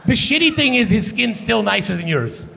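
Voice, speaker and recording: A man's voice: sits high, sing-song, normal speed, vocal fry, background noise. A man doing live stand-up comedy with a Canadian accent, brash and profane, teasing the crowd from a theater stage. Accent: Canadian English.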